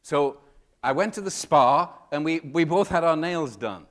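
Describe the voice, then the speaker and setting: A man giving a comedic storytelling talk to a live audience, acting out the people in his stories with big jumps in his voice. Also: unhurried. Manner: animated, acts out customers and staff with big pitch jumps. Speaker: keynote speaker. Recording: reverberant hall.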